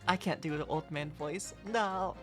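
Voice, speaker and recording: A woman's voice: low voice, unhurried, fairly bright tone, faint music behind. Chatty self-deprecating woman streamer. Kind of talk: casual live-stream commentary while reading game dialogue.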